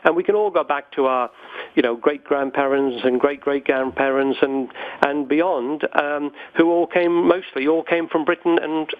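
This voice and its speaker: Middle-aged Falkland Islander on a tinny phone line. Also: male voice, on the high side, steady tone, moderate pace. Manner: chatty, many fillers and restarts. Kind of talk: phone-in interview. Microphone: telephone.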